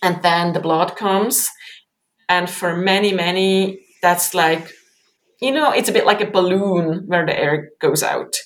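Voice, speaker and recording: A woman's voice: fairly low pitch, measured pace. A woman guest author in an interview, talking animatedly, acting out inner voices, with frequent fillers. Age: adult with three kids. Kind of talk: conversational interview.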